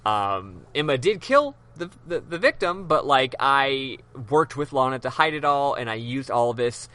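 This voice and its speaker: A man's voice: medium pitch, big pitch swings, normal speed, bright, forceful tone. A man hosting a podcast, casually retelling a game's story in loose, profane chat with lots of ums. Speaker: podcast host. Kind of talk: casual game recap chat.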